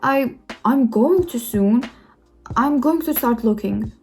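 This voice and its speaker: A woman's voice: fairly high pitch, slow, darkish tone. A woman reading a young man, blunt and broke. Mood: unsure. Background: faint music.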